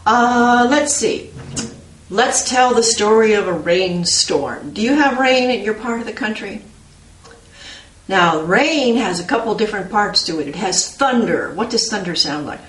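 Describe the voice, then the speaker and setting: Lively woman teaching piano to children. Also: mid-range voice, unhurried, a little hiss or hum. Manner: animated, sing-song, imitates bird and dog sounds. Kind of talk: children's music lesson. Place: room with a piano. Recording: echoey room, mic at a distance. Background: piano playing.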